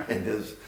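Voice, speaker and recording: Chuckling as he rambles through his stories, an older man looks back on his past during an oral history interview, captured by a distant mic in a roomy room.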